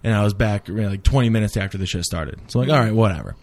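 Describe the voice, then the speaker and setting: A man telling a rambling story in casual chat, animated and full of swearing, acting out what people said. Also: on the low side, racing. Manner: animated, swears a lot, acts out quotes.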